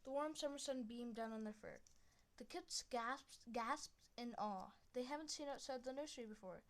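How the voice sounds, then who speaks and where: A woman's voice: on the high side, moderate pace. A woman reading an animal adventure story aloud in an unpolished way, restarting lines and adding chatty asides.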